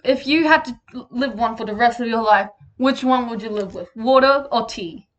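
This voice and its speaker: A woman's voice: on the high side, moderate pace, fairly bright tone, lo-fi sound. Blunt, laughing young woman from England. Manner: blunt, swears freely, laughs often. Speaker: podcast co-host. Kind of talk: casual chat.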